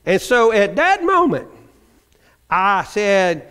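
Lively man sharing a testimony. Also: sits high, slow pace, clean tone. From Virginia. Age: older. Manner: storytelling with acted-out quotes, humorous. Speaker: church member giving testimony. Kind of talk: personal testimony in church. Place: church sanctuary. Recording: reverberant church sanctuary.

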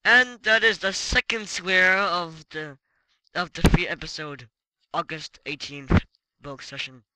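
A man giving casual gameplay commentary as a let's play gamer, excitable and swearing, with frequent exclamations. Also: high-pitched, unhurried, background noise.

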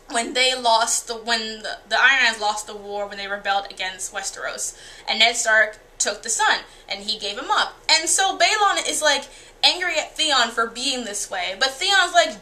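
Brisk, bright-voiced candid woman reviewer. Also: fairly high pitch. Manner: candid, profane, chatty, acts out characters' lines. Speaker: TV show reviewer. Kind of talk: casual spoken episode review.

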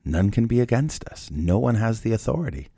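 A man's voice: fairly low pitch, sing-song, a little fast, mellow, breathy edge, dry recording, clean studio sound. A man hosting a daily Bible podcast, talking conversationally with rhetorical questions and ending in prayer. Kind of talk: devotional talk and prayer.

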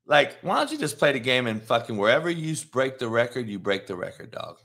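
A man hosting a sports talk show, ranting in a heated, profane way that swings from muttering to shouting. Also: medium pitch, very animated, fairly quick.

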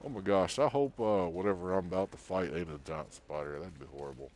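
A man streaming a console game with casual, excitable commentary, often giggling and talking to the creatures on screen. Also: deep voice, fairly quick, slight background noise.

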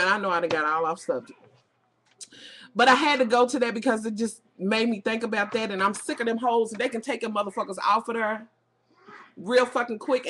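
A middle-aged woman with a Southern US accent rants bluntly and profanely about reality TV on her webcam. Her voice is on the high side and a bit bright, with a little hiss or hum in the audio.

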